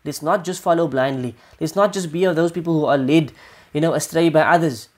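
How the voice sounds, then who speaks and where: A woman's voice: deep voice, brisk. A woman teaching an Islamic study lesson, repeating her points with emphasis and often checking in with "right?". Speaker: religious teacher.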